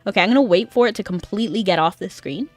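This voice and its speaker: A chatty young woman talks her way through a game on a live stream, rambling easily and dropping plenty of "like". Her voice sits at an ordinary middle pitch and sounds dry and close, with faint music under it. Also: racing, no echo. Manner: chatty and rambling, with frequent filler "like". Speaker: VTuber streamer. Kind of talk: casual gaming stream chat.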